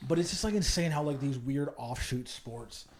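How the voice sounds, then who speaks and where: A man's voice: medium pitch, animated, normal speed. A young man co-hosting a podcast in casual chat, rambling, cursing and restarting his sentences. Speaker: podcast co-host.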